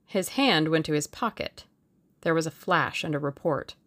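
A woman narrating an audiobook in a measured, steady storytelling way. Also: low voice.

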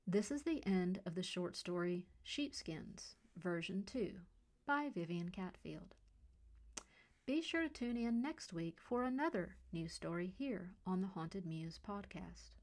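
A woman host reading her own short story aloud as scripted narration, calm and measured. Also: lowish voice. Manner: calm, hushed and ominous at the close.

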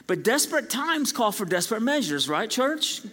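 A man preaching a sermon in a higher-pitched voice, moving between storytelling and loud emphatic peaks. His voice carries a long reverb from a church sanctuary. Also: sing-song, moderate pace. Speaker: pastor.

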